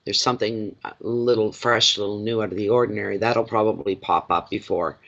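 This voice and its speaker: A man's voice: lowish voice, steady tone, fairly quick, gravelly, fairly bright tone, dull audio. A man giving a live tarot reading, chatty and joking, and poking fun at himself between cards. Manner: chatty, joking and self-deprecating. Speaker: tarot reader. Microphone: phone.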